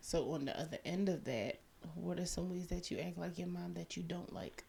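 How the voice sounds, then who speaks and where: A woman's voice: on the low side, moderate pace, gravelly, mellow, slightly rough. A woman, co-hosting a podcast in casual chat, laid-back, mostly brief affirmations and short asides. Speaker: podcast co-host.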